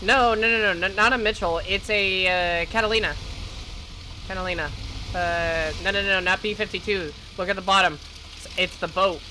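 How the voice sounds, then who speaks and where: A woman's voice: medium pitch, moderate pace, poor audio. A woman streamer giving casual gameplay commentary, rambling and correcting herself as she goes. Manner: rambling, self-correcting, laughs often. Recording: steady background noise.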